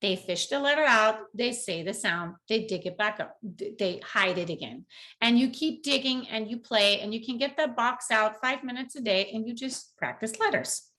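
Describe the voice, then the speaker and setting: Earnest mom-teacher giving parenting tips. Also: female voice, fairly high pitch, moderate pace, pushed and bright. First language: not English. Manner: earnest, encouraging, talks straight to parents; acts out quoted parents and teachers in a lifted voice. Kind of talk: casual advice vlog.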